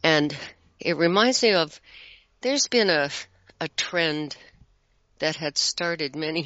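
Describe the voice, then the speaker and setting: A middle-aged guest chatting in a bright, forceful voice that carries plenty of spoken examples. The sound is dry and close, with a dull lo-fi quality. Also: medium pitch, measured pace, no room sound. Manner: animated, explains with spoken examples. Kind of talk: casual conversation. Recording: dull lo-fi audio.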